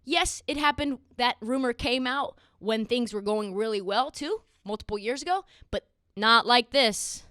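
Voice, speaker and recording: A young woman hosting a sports podcast, talking in a casual, sarcastic and animated way. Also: a little high, no room sound, studio quality. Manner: animated, sarcastic, quick asides. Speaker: podcast host.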